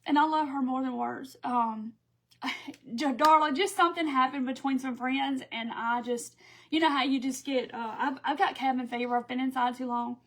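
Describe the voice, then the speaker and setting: A chatty middle-aged woman with a drawl hosts a live craft stream. She rambles from one aside to the next and reads out viewer comments. Her voice sits a little high. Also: steady tone, normal speed, fairly bright tone. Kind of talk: casual live-stream chat while crafting.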